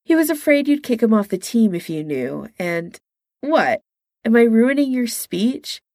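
A woman's voice: on the high side, sing-song, a little slow, warm tone, no echo, voice pushed up, exaggerated voice. Lady doing a cocky teasing engineer guy, wry and glib, dry close sound.

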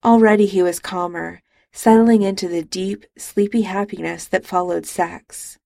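Slow, gravelly woman narrating a romance audiobook. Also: medium pitch, steady tone, mellow, dry recording.

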